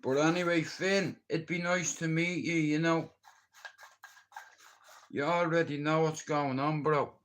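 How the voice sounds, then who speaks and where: A man's voice: a little high, fairly even intonation, unhurried, pauses often, a bit bright, slight background noise. A middle-aged Irish man rambling bluntly in a casual live-stream chat, swearing freely and speaking openly about his feelings. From Ireland. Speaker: livestreamer.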